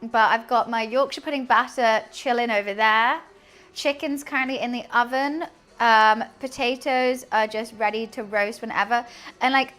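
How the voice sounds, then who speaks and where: A young woman with a high voice chats away on a cooking stream from her kitchen. She is giggly and easily sidetracked, and soft music plays quietly behind her. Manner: chatty, giggly, easily distracted. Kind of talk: casual live-stream cooking chat. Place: home kitchen.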